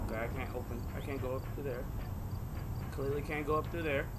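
A man provides horror game commentary as a gaming video creator, jumpy and addressing his viewers while yelping and swearing at the scares. His mid-range voice is fast and steady in tone, and the audio is very noisy.

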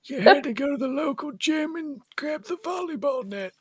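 A man putting on a slow, drawling voice of a grumpy old man reminiscing about the old days. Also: very high voice, animated, pitched above the performer's own voice.

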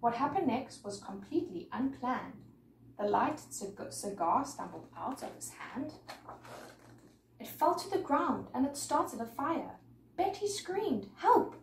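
A woman's voice: on the high side, a little slow, creaky. Woman storyteller, sing-song rhyming read-aloud, roomy sound, mic far off. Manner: lively, sing-song rhythm. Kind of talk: reading a rhyming picture book aloud. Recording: echoey room, mic far off, faint noise.

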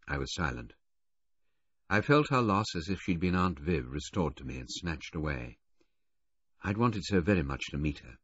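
A man narrating a novel in the first person, measured and expressive. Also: a bass voice, slightly rough, no room sound, muffled recording. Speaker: audiobook narrator.

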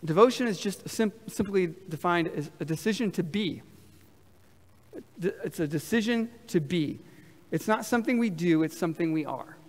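High-voiced preacher in a reverberant hall. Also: male voice, normal speed. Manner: lively, talks with the congregation. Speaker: pastor. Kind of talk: sermon. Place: large church hall.

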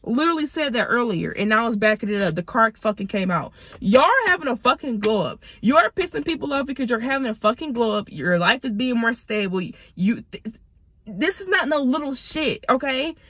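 A woman's voice: fairly high pitch, lively intonation, brisk, a bit bright, slightly rough, no echo, clean studio sound. A woman in her twenties from Michigan, doing a casual tarot reading, blunt and profane, talking to viewers as y'all while she is sick. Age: 20s. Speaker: tarot reader.

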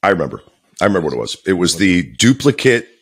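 A man's voice: low-pitched, very animated, quick pace, slightly rough. A man, a voice actor co-hosting a podcast, chatting casually, bluntly and jokingly, swearing freely.

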